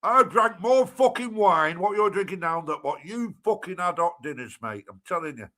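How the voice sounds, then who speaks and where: Gruff, argumentative man. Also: high voice, expressive, moderate pace, pushed and bright. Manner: gruff, argumentative, heavy swearing. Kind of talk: casual livestream chat.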